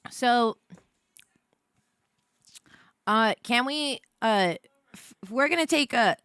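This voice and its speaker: An American woman streamer chatting casually on a live stream, jet-lagged and tired, rambling with many fillers and bursts of excitement. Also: on the high side, slow, clean tone, dry recording, studio quality. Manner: excitable, rambling, many fillers, swings between mumbling and squealing.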